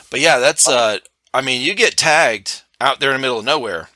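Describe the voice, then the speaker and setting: Middle-aged Midwest man, podcast guest, laid-back and profane storyteller with a sharp, bright tone on a dry close mic. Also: medium pitch, brisk, no echo. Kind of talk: casual storytelling chat.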